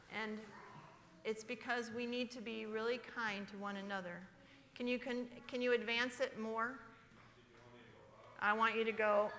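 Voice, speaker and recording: Older lady preaching, punchy and bright, keeps asking the room questions, a bit higher voice. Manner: emphatic, asks the congregation questions. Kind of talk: sermon. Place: church sanctuary. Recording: reverberant church livestream.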